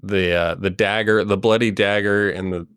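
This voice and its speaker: A man's voice: lowish voice, steady tone, normal speed, a bit bright, clean tone, no echo, clean studio sound. A man narrating as game master of a tabletop game, meandering and full of ums and likes.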